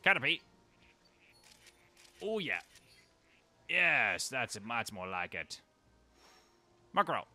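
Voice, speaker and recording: A gaming host speaks at medium pitch and a slow pace, pausing often, while chatting through his play. He talks to the creatures in the game and bursts into excited exclamations.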